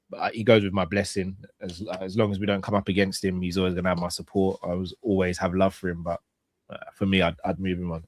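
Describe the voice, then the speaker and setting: A man's voice: low-pitched, dry recording. A young man co-hosting a football podcast, earnest and stumbling over his starts. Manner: earnest, repeats words when starting. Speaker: podcast co-host. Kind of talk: casual football chat.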